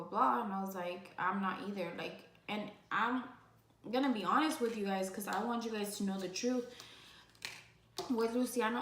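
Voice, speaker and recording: A woman's voice: medium pitch, fairly bright tone. Young female vlogger, casual storytime delivery, rambling and emotional, roomy echo with faint ambient noise. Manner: rambling, heavy use of "like"; emotional, tearing up at times.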